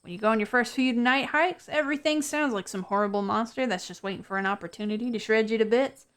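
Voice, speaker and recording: A woman's voice: a little high, quick pace, fairly bright tone, clean tone, close to an everyday voice. A woman playing a cheery, reassuring hiker girl. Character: upbeat young woman, cryptid-hunting hiker.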